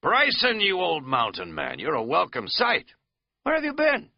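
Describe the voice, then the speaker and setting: A man's voice: sits high, wildly swooping pitch, normal speed, vocal fry, dry recording, dull audio, voice pushed up, full character voice. A man voicing a rambling, folksy middle-aged American man who talks in a chatty, self-mocking drawl.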